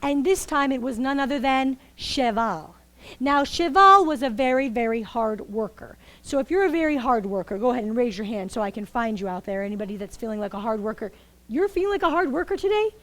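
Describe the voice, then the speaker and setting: Brief: woman storyteller, high voice, animated and coaxing, live children's folktale. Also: fairly quick, no room sound. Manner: animated, coaxing, asks the audience questions.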